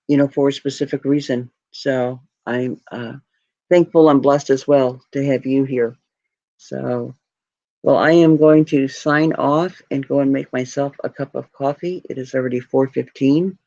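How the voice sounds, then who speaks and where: A woman's voice: very deep voice, steady tone, a little slow, warm tone. A woman talks on a live stream in a heartfelt, rambling way, full of gratitude and close to tears. The sound is dry, with no room echo. The audio is a little muffled and lo-fi. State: tearing up. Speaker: jewelry live stream host. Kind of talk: casual live stream chat.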